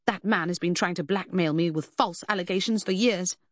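A woman voicing a defensive young Victorian woman in an audiobook, shrill and agitated. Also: fairly quick, no room sound, studio quality, lightly acted. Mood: spiteful.

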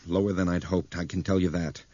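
A man voicing an airline pilot who speaks flatly and keeps tight control of his fear. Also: deep voice, brisk, slightly rough, dry recording, lo-fi sound. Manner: flat, clipped. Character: tense airline pilot staying flat and controlled.

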